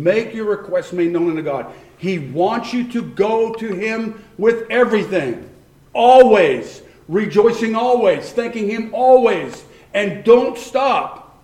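High-voiced man preaching in an echoey room. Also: darkish tone. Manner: conversational preaching, acts out voices with laughs. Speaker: pastor. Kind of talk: sermon. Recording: roomy echo.

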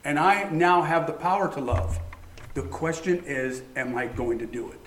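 A man preaching a sermon, animated, asking the congregation rhetorical questions. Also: on the high side, moderate pace, a little hiss or hum. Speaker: pastor. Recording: echoey room.

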